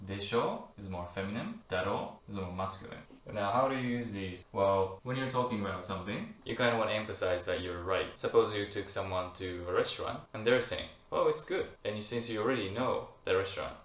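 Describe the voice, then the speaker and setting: A man's voice: lowish voice, brisk, few pauses, a bit bright. A young Japanese man with a Japanese accent giving a casual language lesson, explaining usage through short spoken example phrases. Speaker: language teacher. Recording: echoey room with faint noise.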